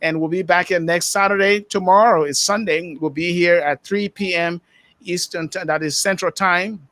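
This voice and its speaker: Liberian english man, bright crisp voice, dry close sound, upbeat host. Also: high voice, steady tone, normal speed, no echo. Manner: upbeat, with many uh fillers. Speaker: podcast host. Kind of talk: live podcast sign-off.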